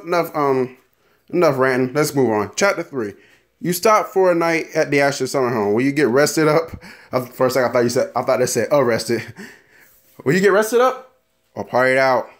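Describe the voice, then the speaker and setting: A man ranting loosely about characters in a story game, full of fillers and swearing, then reading a chapter aloud. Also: mid-range voice. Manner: animated, profane, frequent fillers.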